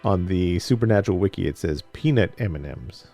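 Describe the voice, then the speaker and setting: A man's voice: low-pitched, expressive, brisk, dark tone, faint music behind. A man co-hosting a podcast, recapping a TV episode in casual chat, rambling and joking as he tells the story. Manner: rambling, jokey storyteller who acts out scenes.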